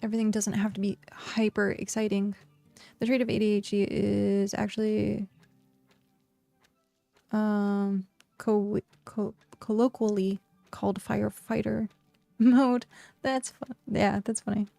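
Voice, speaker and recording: A woman's voice: mid-range voice, level tone, measured pace, vocal fry, long pauses, mellow, no echo, soft background music. A woman streaming a game and chatting casually, filling her talk with "like" and laughing often. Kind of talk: casual livestream chat.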